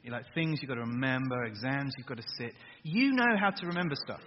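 A man preaching a sermon, asking his listeners direct questions in a lively way. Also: mid-range voice, fast talker, background noise. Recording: dull recording with long hall reverb.

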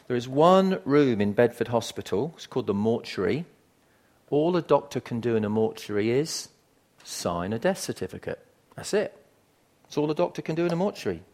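An older man preaching a sermon in a conversational, emphatic way, swinging from quiet asides to loud bursts. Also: mid-range voice, gravelly.

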